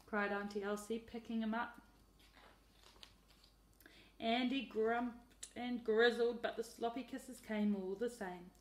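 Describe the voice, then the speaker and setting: Woman teacher, storybook reader, fairly high, expressive, echoey room. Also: a little slow. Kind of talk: reading a picture book aloud. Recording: roomy echo.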